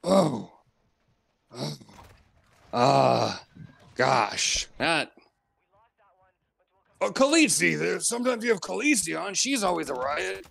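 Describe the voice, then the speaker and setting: A man playing a hesitant, starstruck fan calling into a show, halting and full of fillers. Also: a little high, very animated, gravelly, fairly bright tone, full character voice. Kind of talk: improvised comedy role-play.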